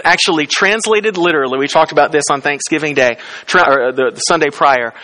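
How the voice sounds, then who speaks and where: Male pastor, chatty sermon delivery, questions the congregation, a bit higher-pitched. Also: brisk, few pauses, fairly bright tone. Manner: conversational, asks the congregation questions; acts out quoted lines with rising pitch.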